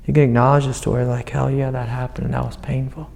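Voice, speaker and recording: A man with a gravelly, mellow voice guides a student as a spiritual teacher. He speaks gently and soothingly, with a long reverb from the hall around him. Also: medium pitch, level tone, fast talker, few pauses. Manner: gentle, soothing, calls the listener sweetie. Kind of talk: satsang guidance to a student.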